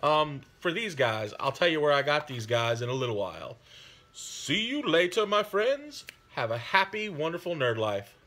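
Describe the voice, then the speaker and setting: Bright-voiced man in rambling chat. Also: a little high, big pitch swings, normal speed. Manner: rambling, friendly, chatty with filler. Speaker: hobby channel host. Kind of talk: casual chat.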